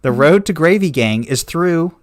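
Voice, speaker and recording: A man's voice: fairly high pitch, animated, moderate pace. A man hosting a casual livestream chat, joking and rambling. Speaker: show host.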